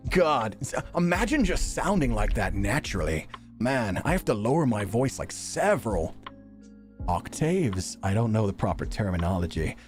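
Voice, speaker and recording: A man's voice: lowish voice, big pitch swings, moderate pace, soft background music. A man talking casually to his chat on a live stream, reacting to videos and laughing often.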